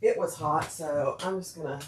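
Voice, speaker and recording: Greeting viewers by name while she sews, a woman hosts a casual live crafting chat from her home sewing room. Her voice is deep and her speed normal, with background noise in the recording.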